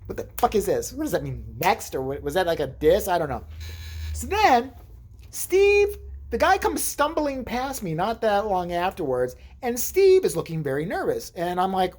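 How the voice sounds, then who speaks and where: A woman's voice: mid-range voice, big pitch swings, normal speed, a little mellow. A woman vlogger telling a rambling, profane story in casual chat, acting out the people she quotes.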